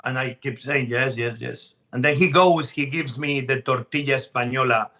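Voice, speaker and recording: Bright, animated man telling stories. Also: mid-range voice, moderate pace. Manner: animated, emphatic, restarts sentences. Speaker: chef guest. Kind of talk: casual podcast storytelling.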